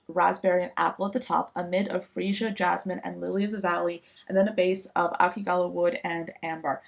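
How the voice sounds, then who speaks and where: A woman's voice: lowish voice, gravelly. A young woman reviewing new perfume releases in a casual, chatty way, with lots of fillers and restarts. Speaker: fragrance reviewer.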